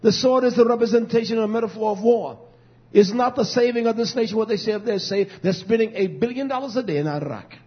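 A man preaching a fiery sermon, swinging between loud declarations and low, muttered asides. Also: fast talker, husky. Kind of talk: fiery street-style sermon. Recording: dull lo-fi recording.

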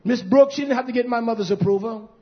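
A middle-aged man preaching a fiery sermon, scolding, dropping to low mutters and whispers, then rising into loud outbursts. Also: quick pace. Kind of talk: fiery street-style sermon. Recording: muffled lo-fi recording.

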